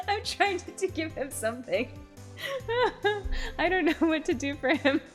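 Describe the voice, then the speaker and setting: Young female streamer, playful live game commentary, lively intonation, unhurried delivery. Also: very high-pitched, soft background music. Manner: giggly, playful, animated.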